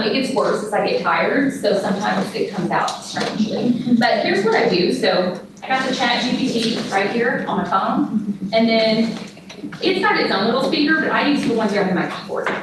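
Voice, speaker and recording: A woman with a Texan accent gives a talk at a conference, telling stories and acting out both sides of each exchange. She sounds far from the mic in a very echoey room. Steady background noise runs under her voice. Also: on the high side. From Texas. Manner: animated storytelling, acts out dialogue. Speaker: conference speaker. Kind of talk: presentation with audience Q&A.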